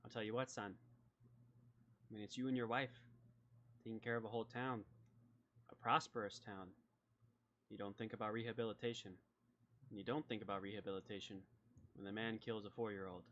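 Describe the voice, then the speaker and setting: A man's voice: fairly low pitch, flat delivery, fairly quick, long pauses, a bit bright, highs cut off, close to an everyday voice. A man voicing a jovial but ruthless small-town sheriff who talks in a folksy drawl and calls everyone pal, in a tabletop game. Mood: stern.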